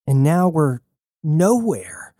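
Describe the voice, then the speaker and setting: A man voicing a fierce young woman rebel on a starship, blunt and profane, in a mellow voice. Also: fairly high pitch, big pitch swings, takes it slowly, no room sound, clean studio sound, pitched above the performer's own voice. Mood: urgent.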